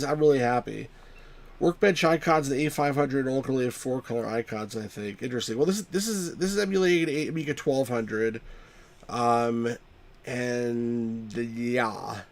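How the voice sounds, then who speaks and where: A man hosting a live game stream in a loose, rambling chat. He pokes fun at himself and keeps talking to viewers in a plain, mid-range voice. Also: mid-range voice. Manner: rambling, self-mocking, chuckles often.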